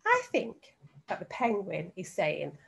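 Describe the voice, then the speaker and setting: Her voice on the low side and her pitch swooping wildly, a primary school teacher gives a recorded lesson from home to young children, speaking slowly and clearly and breaking words into syllables.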